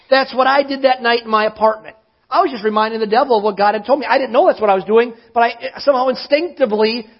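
A pastor preaching a sermon, emphatic, often slowing down to stress his words. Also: extremely high pitch, highs cut off.

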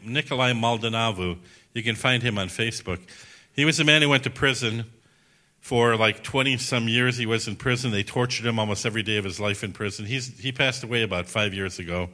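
A man giving a sermon as a missionary speaker, telling stories in an animated, chatty way. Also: medium pitch. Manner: animated, chatty, laughs at his own stories. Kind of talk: sermon storytelling.

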